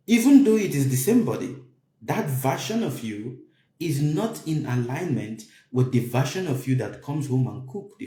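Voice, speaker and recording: A man delivers a spiritual talk in a roomy, echoing space. His mellow voice swings widely in pitch, rising sharply whenever he stresses a point. He circles back and repeats phrases as he explains. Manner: emphatic, repeats phrases, voice climbs high for stress. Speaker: spiritual teacher. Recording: roomy echo.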